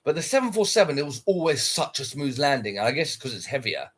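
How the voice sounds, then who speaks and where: A man's voice: mid-range voice, big pitch swings, brisk. A man casually chatting on a livestream, reacting to viewer comments in a blunt, sweary way. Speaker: livestreamer reading chat.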